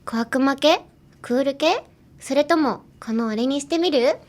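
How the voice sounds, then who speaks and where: A woman's voice: high voice, a little fast. A young woman hosting a casual podcast, chatting and teaching English pronunciation, laughing often. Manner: giggly, chatty, lots of "like" and laughter. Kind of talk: casual chat and pronunciation lesson.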